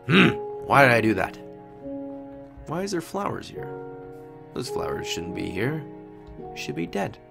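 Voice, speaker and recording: A man's voice: medium pitch, sing-song, a little slow, creaky, pauses often. A young man in casual gameplay commentary, talking to himself, swearing, muttering and exclaiming. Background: game music.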